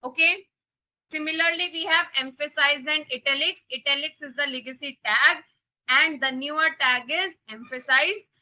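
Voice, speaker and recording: Bright high-voiced woman teaching code. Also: moderate pace, rough recording. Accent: Indian English. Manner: repeats key sentences, checks understanding. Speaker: coding instructor. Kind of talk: live coding lesson.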